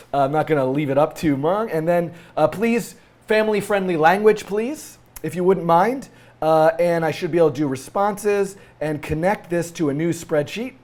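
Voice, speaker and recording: A man with a slightly high, scratchy voice from a cold talks through a coding tutorial. He thinks aloud as he works, with many fillers and restarts. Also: darkish tone.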